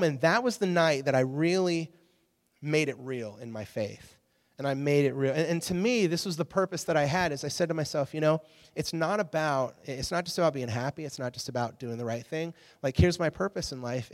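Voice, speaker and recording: A man giving a casual sermon, telling a story with lively acted-out quotes to a youth audience. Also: fairly high pitch. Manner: animated storyteller, acts out quotes. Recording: long hall reverb.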